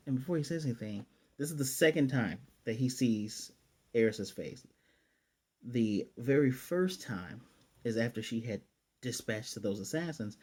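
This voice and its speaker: A man giving a casual, chatty recap of an anime episode, loose and animated, with fillers and self-corrections. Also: mid-range voice, breathy edge. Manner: animated retelling, often paraphrasing the characters' lines. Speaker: anime reviewer.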